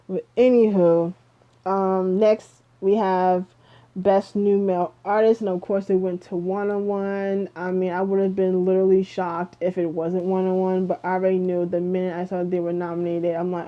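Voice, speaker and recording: A woman's voice: medium pitch, little pitch movement, normal speed. A young woman vlogging a casual music review, chatty and rambling with lots of fillers, sleepy and yawning. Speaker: K-pop vlogger. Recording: dull lo-fi home recording.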